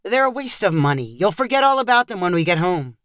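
Casting: woman doing an irritated dad, snappish and grumbling, lively in pitch. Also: quick pace, no room sound, studio quality. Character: frustrated thrifty father, middle-aged man.

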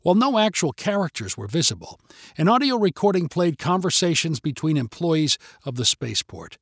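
A man narrating a story in a steady, measured reading voice on a close mic. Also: on the high side, breathy edge, no echo.

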